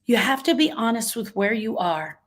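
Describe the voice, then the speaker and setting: A woman's voice: a little high, expressive, normal speed, background noise. A woman hosting a live grief coaching talk, emphatic and full of rhetorical questions, reading out comments from her audience. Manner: reads out audience comments warmly. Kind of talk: motivational livestream talk.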